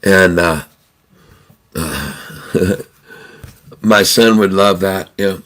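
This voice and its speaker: A man's voice: deep voice, drawn-out words. Chuckling man hosting a livestream. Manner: chuckles often, relaxed storytelling with fillers. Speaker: livestream host. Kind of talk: casual livestream chat.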